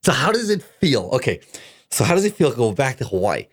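A man hosting a casual interview, asking short relaxed questions and backing up his guest. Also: mid-range voice, fast talker. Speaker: host.

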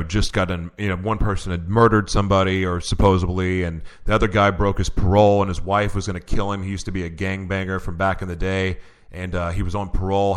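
Male guest, very low voice, earnest testimony, halting storytelling. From Oklahoma. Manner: earnest storytelling, many restarts and fillers. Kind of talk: personal testimony in interview.

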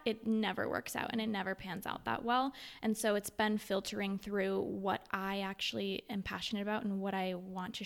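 A young woman chats candidly as a podcast guest, easygoing and full of fillers. Her voice carries a steady crackle of vocal fry at the ends of phrases, sitting at an ordinary middle pitch. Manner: chatty and candid, with frequent fillers. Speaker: podcast guest, mother and blogger. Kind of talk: casual interview answers.

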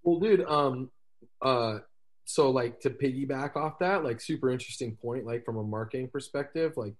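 A man's voice: medium pitch, moderate pace. A man with an ordinary mid-range voice chats as a podcast guest. He tells his stories in a loose, scattered way and laughs often. He breaks in with small sound imitations as he goes. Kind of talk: casual podcast chat.

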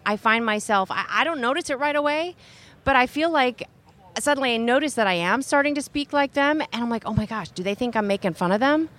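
A woman co-hosting a casual radio talk show, chatty and quick with questions. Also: fairly high pitch, a bit bright. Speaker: radio co-host.

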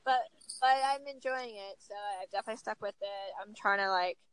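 A woman in her thirties talking casually as a podcast guest, telling stories with lively acted-out quotes. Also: mid-range voice, fairly quick, smooth, no echo, low-quality recording. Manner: animated storyteller, acts out quotes. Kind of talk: casual chat.

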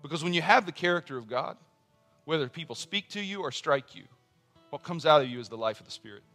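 Middle-aged man, pastor, sermon, earnest, slightly high voice, faint music underneath. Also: expressive, fast. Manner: earnest, swings from soft asides to strong emphasis.

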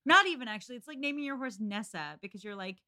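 A young woman co-hosting a podcast in casual chat, wry and opinionated, quick with references. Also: on the high side, expressive, bright, forceful tone. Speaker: podcast co-host.

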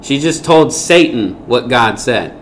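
Male Bible teacher, average pitch, emphatic delivery with rhetorical questions, faint background noise. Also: lively intonation, unhurried.

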